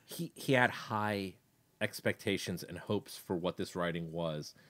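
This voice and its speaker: A man's voice: low voice, unhurried, fairly bright tone, no echo. A man co-hosting a casual book discussion podcast, blunt and sarcastic in a laid-back way. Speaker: podcast co-host.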